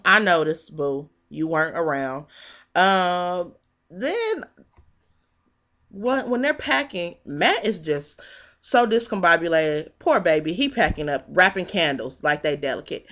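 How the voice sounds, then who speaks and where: A woman with a somewhat low voice gives a sassy, animated recap of a reality show, as if chatting with friends. She laughs often and throws out rhetorical questions. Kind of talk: casual commentary.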